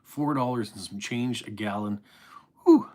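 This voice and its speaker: A man's voice: mid-range voice, a little slow, a little mellow. A middle-aged man with an East Coast Canadian accent, hosting a casual live stream and reading viewer comments aloud in a friendly, chatty way.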